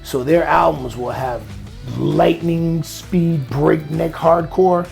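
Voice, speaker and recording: A middle-aged man with a gravelly voice sits as a guest in a casual interview. He tells his stories in an animated way and laughs easily, with music playing behind him. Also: fairly high pitch, takes it slowly. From Miami.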